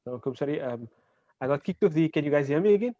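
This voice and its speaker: A man teaching an online Arabic class. He explains patiently, checks in with "right?" and says example words slowly. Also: fairly high pitch, animated, mellow, no echo. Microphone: video call. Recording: dull, dry online call audio.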